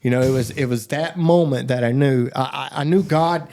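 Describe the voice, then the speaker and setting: A man's voice: mid-range voice, normal speed, gravelly, mellow. A man from the Southern United States, a podcast guest telling his recovery testimony in a loose, rambling way, often acting out the voices of people he quotes. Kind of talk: casual storytelling.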